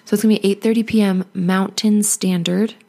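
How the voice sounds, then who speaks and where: Husky, gravelly-voiced mom podcast host. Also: female voice, medium pitch, fairly even intonation, brisk, mellow. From United States. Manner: chatty, upbeat, encouraging. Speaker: podcast host and life coach. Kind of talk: casual solo podcast talk.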